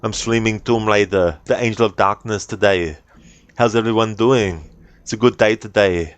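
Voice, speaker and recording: A cheery Austrian-accented action hero, cheerful and chatty, done by an Australian man. The voice sits low and is close and dry, with no room around it. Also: steady tone, normal speed, clean tone, dry recording, lightly acted. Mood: friendly. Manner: cheerful, chatty streamer greeting.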